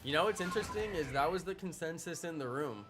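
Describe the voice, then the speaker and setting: A man's voice: fairly high pitch, expressive, quick pace, a bit bright. A young man live streaming, chatting casually with his audience in a playful, teasing way. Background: background music.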